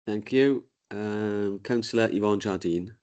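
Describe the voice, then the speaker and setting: A man's voice: fairly low pitch, a little slow, a little mellow, highs cut off. A man chairing a council committee meeting. He speaks in an informal, joking way, with the sound of a desk microphone in a meeting room.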